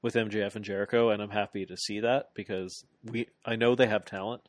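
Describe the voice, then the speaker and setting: A man co-hosting a casual podcast, recapping a wrestling match in a rambling, animated play-by-play full of fillers. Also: lowish voice, fairly quick, no room sound. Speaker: podcast co-host.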